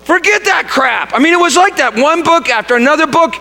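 High-voiced guy preaching, dramatic read-alouds, keeps repeating words, big hall echo. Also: animated, fairly quick, creaky, pushed and bright. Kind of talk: storytelling sermon. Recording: long reverb of a large hall.

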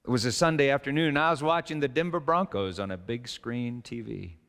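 A man's voice: medium pitch, fairly quick, fairly bright tone, long reverb tail. An older man, a pastor, giving a conversational sermon with stories, fillers and restarts.

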